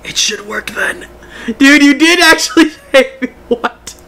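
A young man streaming a game, chatting casually with his viewers in an excitable, giggly way. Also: extremely high pitch, takes it slowly. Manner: excitable, giggly, talks to chat. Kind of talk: casual live-stream chat.

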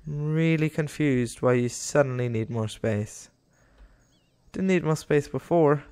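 A man's voice: on the high side, measured pace, mellow, clear, resonant tone, no room sound. A young man giving casual, rambling commentary over a game, talking to the animals on screen and getting exasperated with them. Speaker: gaming YouTuber.

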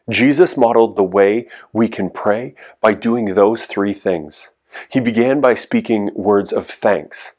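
Earnest lower-voiced youth pastor. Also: male voice. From Canada. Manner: earnest, encouraging, repeats key phrases. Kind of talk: youth sermon.

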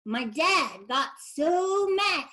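Woman puppeteer teacher for young kids: very high, unhurried, gentle and sing-song. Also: lively intonation, slight background noise. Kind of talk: puppet storytelling for children. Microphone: video call.

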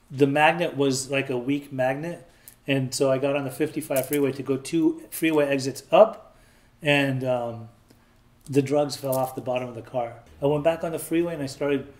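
A man's voice: mid-range voice, darkish tone. A man in his thirties from Southern California, telling his own story in an interview in a candid, plain-spoken way and acting out the voices of people he quotes.

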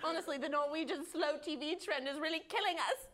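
A woman performing a live improv comedy scene on a theater stage, talking in an earnest, deadpan way. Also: high voice, a little fast. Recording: noisy live stage recording. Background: audience laughter.

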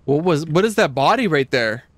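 A man hosting a casual gameplay session, excitable and laughing often as he chats with friends. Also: on the high side, moderate pace. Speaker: gaming channel host.

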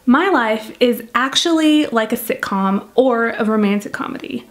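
A young woman with a slightly high voice tells stories about her own awkward moments for a comic vlog. She talks in an animated, self-mocking way, playing up her embarrassment for laughs. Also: moderate pace, hardly any pauses. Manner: self-deprecating, animated storytelling. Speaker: vlogger. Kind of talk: comedic vlog monologue.

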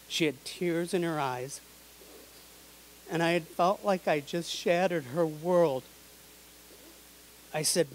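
Slow, earnest man reading a memoir. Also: on the high side, slight background noise, rough recording. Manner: earnest, measured. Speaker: memoir narrator. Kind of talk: reading a personal memoir aloud.

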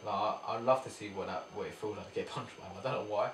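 Laid-back deep-voiced boxer. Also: male voice, racing, noisy background. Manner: laid-back slangy banter. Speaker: professional boxer guest. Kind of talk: casual chat. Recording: echoey room, mic at a distance.

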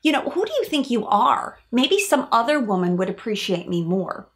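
A woman's voice: a little high, very animated, normal speed. A woman voicing an indignant, scornful man. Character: defensive arrogant man lashing out.

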